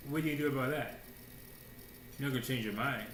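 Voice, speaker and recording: A man preaching a sermon in a casual, slangy way, swinging between hushed asides and loud declarations with many rhetorical questions. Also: medium pitch, fairly quick, pauses often, slight background noise. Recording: roomy echo.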